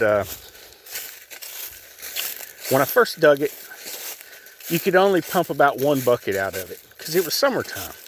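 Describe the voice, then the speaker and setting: A man's voice: mid-range voice, fairly bright tone, slight background noise. Man, casual folksy vlogger, mid-range voice, meandering delivery. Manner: folksy, rambling, chats to his cats. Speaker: homeowner showing his projects. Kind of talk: casual rambling vlog narration.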